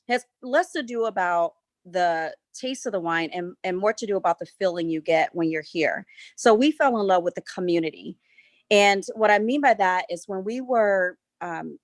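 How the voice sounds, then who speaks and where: A winery owner from South Carolina, speaking with a Southern accent, guides a virtual tour from her tasting room with relaxed, friendly storytelling. Her voice is lowish and the recording has no echo.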